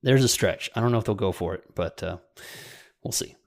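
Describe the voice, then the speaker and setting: A man co-hosting a podcast, chatting casually and explaining software tips step by step, quick to laugh. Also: fairly low pitch, creaky. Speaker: podcast co-host.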